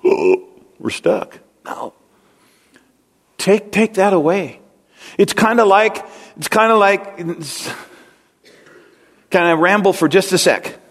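A man's voice: high-pitched, takes it slowly, pauses often, fairly bright tone. A man preaching a conversational, rambling sermon to his congregation, often asking them questions. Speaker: pastor. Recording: long hall reverb.

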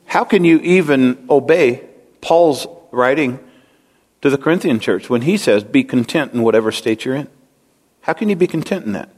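Long hall reverb surrounds this mid-range, darkish male voice. He's a pastor delivering a rambling, conversational sermon and frequently asking the congregation questions.

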